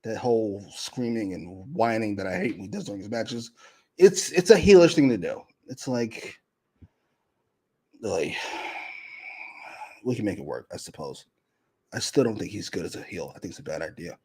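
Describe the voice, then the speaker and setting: A man co-hosting a wrestling review, talking in an exasperated, sarcastic way and often trailing off quietly. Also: fairly low pitch, animated, moderate pace, pauses often, slightly rough. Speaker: co-host. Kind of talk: casual podcast banter.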